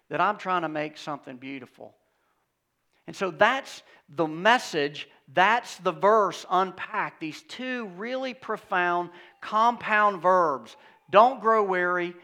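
Gravelly, bright-voiced male preacher. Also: high-pitched. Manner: emphatic, swings from loud exhortation to hushed intimacy. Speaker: pastor. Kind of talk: sermon.

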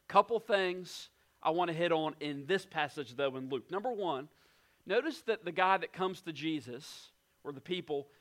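A man preaching a sermon as pastor, emphatic, slowing down and dropping to a hush on key points. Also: fairly high pitch. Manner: emphatic, slows down and drops to a hush for weight. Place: church in West Virginia.

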